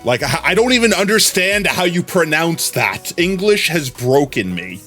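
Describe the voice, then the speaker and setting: A man's voice: on the high side, very animated, normal speed, sharp tone, faint music behind. A man chatting casually on a live stream, rambling from topic to topic and laughing often.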